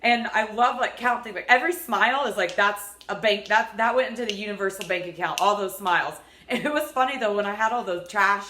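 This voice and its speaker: A woman's voice: medium pitch, brisk, hardly any pauses, sharp tone, a little hiss or hum. A woman in her thirties talking casually to her vlog audience, rambling, upbeat and earnest. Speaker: vlogger. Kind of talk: unedited casual vlog talk. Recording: echoey room.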